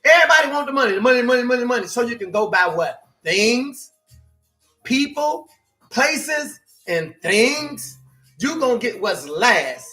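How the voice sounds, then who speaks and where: A man preaching a motivational sermon as a life coach, swinging between shouting and quiet, repeating himself. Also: extremely high pitch, lively intonation, moderate pace, faint music behind. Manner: preachy, shifts between shouting and hushed, repetitive. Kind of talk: sermon-style motivational talk.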